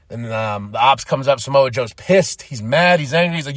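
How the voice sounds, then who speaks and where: A man's voice: mid-range voice, normal speed, few pauses, no room sound, studio quality. A man hosting a podcast, giving rambling, enthusiastic fan commentary and often laughing. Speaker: podcast host. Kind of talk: casual commentary.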